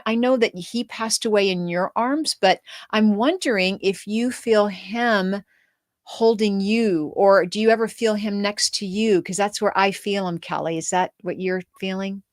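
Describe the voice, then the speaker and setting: A woman's voice: mid-range voice, measured pace, no echo, clean studio sound. A middle-aged woman hosting a show, giving spirit readings in an earnest, flowing, reassuring way. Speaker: psychic medium host.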